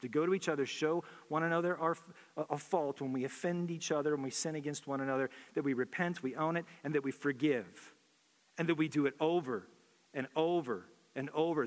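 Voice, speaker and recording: Male pastor, slightly higher voice, earnest sermon delivery with repetition, echoing church hall. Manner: earnest, repeats phrases for emphasis.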